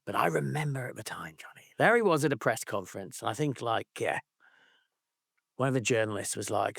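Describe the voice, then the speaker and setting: A man's voice: mid-range voice, lively intonation, a little fast, creaky, fairly bright tone, no room sound, studio quality. A man co-hosting a football podcast, ranting in a casual, sweary way and slipping into mocking voices. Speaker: podcast co-host.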